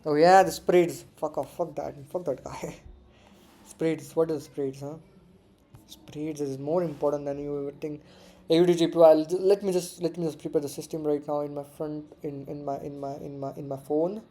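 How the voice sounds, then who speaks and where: A man's voice: a little high, steady tone, moderate pace, mellow. A man giving casual live commentary while trading forex, muttering and repeating words to himself and swearing freely. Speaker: forex trader streaming live.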